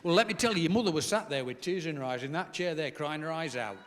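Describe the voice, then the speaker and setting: A man voicing his gruff, proud father, blunt and scolding, in a large hall with long reverb. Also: on the high side, expressive, natural voice. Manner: blunt, scolding, rapid-fire.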